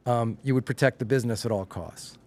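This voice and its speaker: A middle-aged man from Long Island with a slight Long Island accent, chatting casually as a podcast guest and telling stories with lively, acted-out quotes. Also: medium pitch, a little fast. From Long Island, New York. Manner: animated storyteller, acts out quotes with rising excitement. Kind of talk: casual chat.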